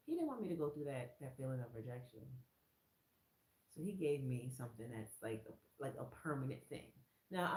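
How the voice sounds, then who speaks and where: A woman sharing a faith testimony from her room in casual, excited storytelling. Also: echoey room. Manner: excited storyteller who acts out quoted lines in a much higher voice. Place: her own room, indoors.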